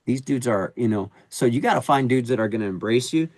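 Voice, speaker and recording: Appearing as a podcast guest, this middle-aged HVAC sales advisor spins lively tales in slangy street talk during a relaxed conversation. He talks quickly in a mid-range voice, captured dry and close without any echo.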